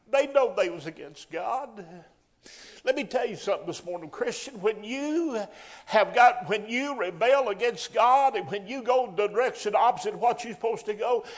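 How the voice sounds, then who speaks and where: A man preaching a sermon in a folksy way, rising to loud emphatic bursts. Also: sits high.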